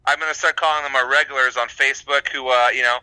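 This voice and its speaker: A man co-hosting a casual chat show, talking in a halting way with lots of fillers and restarts. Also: mid-range voice, steady tone, bright, forceful tone, smooth, no room sound, low-quality recording. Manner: hesitant, many fillers and restarts. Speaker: podcast co-host.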